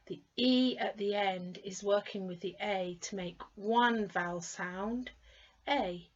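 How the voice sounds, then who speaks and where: A British woman teaches pronunciation in a slow, unhurried way, her pitch sitting at an ordinary middle height. She draws out each model word with clear care and patiently repeats it for the listener to copy. The recording sounds a little dull and muffled. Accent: British English. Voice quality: clearly enunciated, drawn-out model words. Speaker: English pronunciation tutor. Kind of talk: pronunciation lesson.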